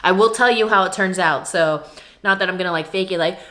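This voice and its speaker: A young woman chats to her camera at home in a relaxed vlog. She talks candidly and easily, pausing now and then for a bite of food. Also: fairly low pitch. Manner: chatty, candid, talks between bites of food. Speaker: vlogger. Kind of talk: casual vlog chat while eating. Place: at home, indoors.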